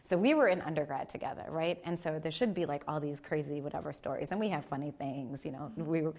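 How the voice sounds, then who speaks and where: Animated woman telling stories at a mic. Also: quick pace. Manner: animated, acts out family voices with big pitch jumps. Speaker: keynote speaker. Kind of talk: lively storytelling speech. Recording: live event in a cafe.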